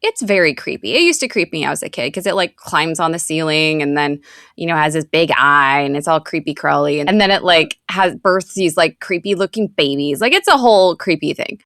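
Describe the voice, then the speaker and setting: Chatty woman with a gravelly low voice. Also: lively intonation, brisk, a bit bright, dry recording, clean studio sound. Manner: chatty, rambling, many fillers. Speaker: podcast co-host. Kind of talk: casual chat.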